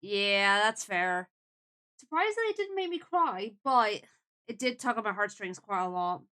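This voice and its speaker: A woman's voice: medium pitch, animated, measured pace, pushed and bright. A young adult woman streaming a game, chatting in a casual, emotional, reflective way.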